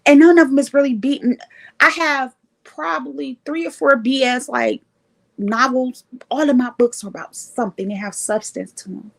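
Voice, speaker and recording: A woman hosts a live stream in casual chat, talking with animated emphasis. Her voice sits somewhat high with a gravelly rasp. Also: measured pace, pauses often. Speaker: livestream host sharing recovery story.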